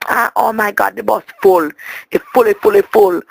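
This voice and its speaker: A man's voice: high-pitched, steady tone, moderate pace, vocal fry, slightly rough, full character voice, low-quality recording. A man voicing a chatty, indignant Jamaican woman leaving a voicemail, rambling and stammering as she complains. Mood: exasperated. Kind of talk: comic monologue as a voicemail.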